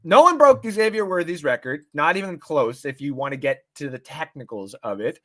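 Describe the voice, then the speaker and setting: A man hosting a casual live-stream sports talk show, swearing often, rambling excitedly and reading out viewer comments. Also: on the high side, normal speed. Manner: reads out and thanks chat viewers.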